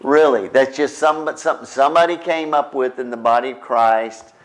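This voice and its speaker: A man's voice: mid-range voice, normal speed. A middle-aged man preaching a conversational sermon as pastor, often checking in with his listeners. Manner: conversational preaching, keeps asking "right?".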